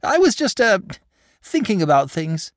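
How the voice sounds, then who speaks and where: A man voicing a gentle, nervous and fussy male dragon in a storybook reading, polite and anxious. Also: sits high, sing-song, measured pace, no room sound, clean studio sound, pitched above the performer's own voice. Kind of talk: audiobook character voice.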